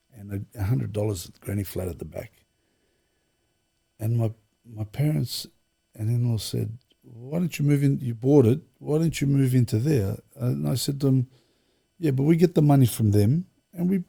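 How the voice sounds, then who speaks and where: A middle-aged Australian man, a guest in a casual storytelling interview, tells long, rambling anecdotes, restarting sentences and acting out quoted dialogue. His mid-range voice is mellow and creaky with a breathy edge.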